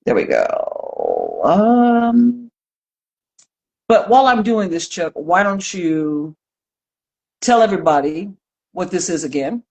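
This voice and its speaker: A woman's voice: lowish voice, wildly swooping pitch, takes it slowly, gravelly, pauses often, darkish tone. A woman co-hosting a casual live-stream chat, leading the talk with playful, dry humor. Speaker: co-host.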